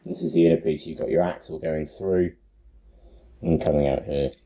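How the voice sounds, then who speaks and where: A middle-aged man hosting a hobby channel, giving a relaxed, detailed build walkthrough with frequent ums. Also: rumbling low, moderate pace, background noise.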